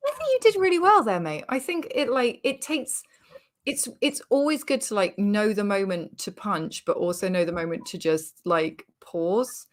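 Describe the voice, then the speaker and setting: A British woman comedian in her forties, telling a sweary, animated anecdote in casual chat over a remote call. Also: mid-range voice, normal speed. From Britain. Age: 40s. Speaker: comedian guest.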